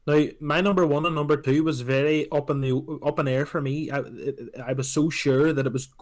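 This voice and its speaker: Animated man in casual podcast chat. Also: on the high side, fairly quick. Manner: animated, swears freely, acts out film scenes. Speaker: podcast co-host.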